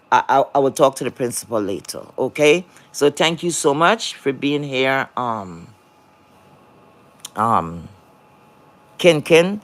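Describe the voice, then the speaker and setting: Blunt, scolding woman on a livestream. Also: deep voice. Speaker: chat moderator. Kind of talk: livestream rant.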